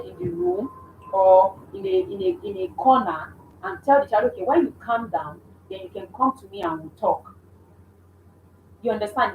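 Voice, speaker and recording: A woman's voice: fairly high pitch, darkish tone, slight background noise. Earnest woman coaching parents, echoey room. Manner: earnest, repeats points, frequent restarts. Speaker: mother. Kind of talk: instructive parenting talk.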